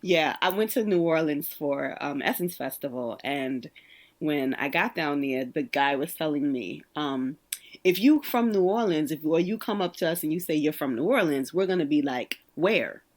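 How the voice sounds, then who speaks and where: Lower-voiced Brooklyn woman, animated host. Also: normal speed. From Brooklyn, New York. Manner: animated, laughs often, acts out quoted people. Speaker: podcast host, social worker. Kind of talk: casual conversational storytelling.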